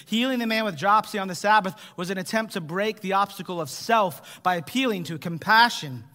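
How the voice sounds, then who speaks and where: A male pastor with an American accent preaching a sermon, animated, sometimes dropping to a near whisper. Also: high-pitched, big-room sound.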